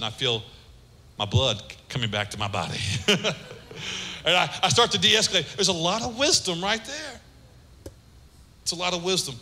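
A middle-aged male pastor preaching a sermon in a large hall, his voice sitting fairly high and sounding very bright. He is animated, moving between loud, emphatic lines and soft, low asides. A long reverb trails after his words.

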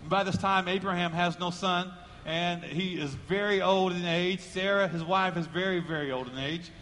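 A man's voice: sits high, normal speed, fairly bright tone, long reverb tail, slight background noise. A man preaching a sermon as pastor, emphatic and repeating his key phrases as he builds. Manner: emphatic, repeats key phrases, drives lines upward in volume.

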